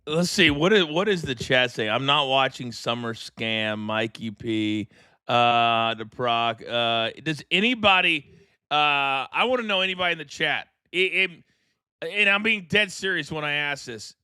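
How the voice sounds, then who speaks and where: A middle-aged man hosting a live wrestling watchalong, ranting in animated, incredulous commentary from a studio mic. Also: fairly high pitch, unhurried, smooth, no room sound. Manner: animated, incredulous, rambling rants. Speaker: host.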